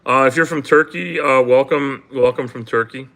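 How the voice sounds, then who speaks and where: A Canadian man from Toronto hosting a casual livestream, talking in halting, rambling bursts full of ums and restarts and swearing bluntly now and then. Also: mid-range voice, steady tone, creaky, fairly bright tone. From Canada, grew up in Toronto. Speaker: livestream host. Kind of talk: casual livestream chat with viewers.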